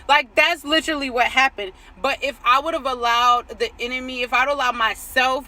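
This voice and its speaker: In a low-quality recording, a woman with a fairly high, bright, forceful voice speaks outdoors amid passing vehicles. She coaches on faith and chats through a personal story, sprinkling in "like," "right?" and affirmations about trusting God.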